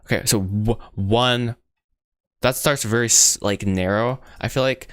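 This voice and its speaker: A man's voice: lowish voice, a little slow, clear, resonant tone, no echo, clean studio sound. A young man from the United States chatting casually on a livestream while he animates, rambling, joking at his own expense and sounding out mouth shapes. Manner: rambling, self-mocking, excitable, says bro and guys a lot.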